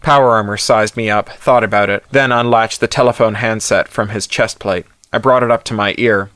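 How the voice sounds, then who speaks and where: A man's voice: on the low side, steady tone, moderate pace, few pauses, fairly bright tone, dry recording. Wry male storyteller, dry recording. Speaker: audiobook narrator. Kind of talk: scripted first-person story narration.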